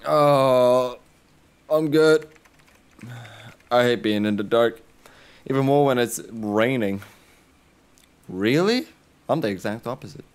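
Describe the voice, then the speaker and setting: A man's voice: mid-range voice, slow, long pauses, clear, resonant tone. A young man doing casual let's-play commentary, joking and rambling and swearing freely. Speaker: gaming YouTuber.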